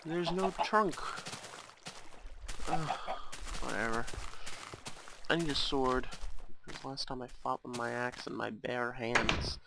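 A man's voice: mid-range voice, slow pace, gravelly, long pauses, noisy background. A man giving casual gameplay commentary at his home computer, thinking aloud and talking to himself as he plays. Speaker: let's play gamer.

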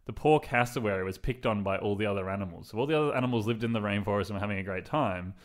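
Young Australian male podcast host, rapid casual rambling, lowish voice. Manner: rambling storyteller, lots of "like", playful voices.

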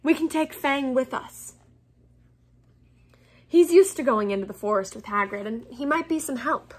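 A woman reading the lines of a determined teenage boy wizard in a voice close to her own, plain and steady. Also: high voice, moderate pace, husky. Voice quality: plain, steady, sometimes muttered.

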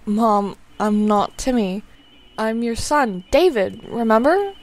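A woman voicing an earnest, hurt young man in a game, speaking soft and pleading. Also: a little high, animated, slow pace.

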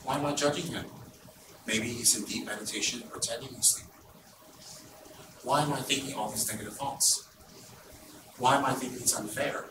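A man giving an informal Buddhist teaching, telling stories in an animated, blunt and teasing way. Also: mid-range voice, normal speed, long pauses. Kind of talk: informal dharma talk. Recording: roomy, distant mic, background noise.

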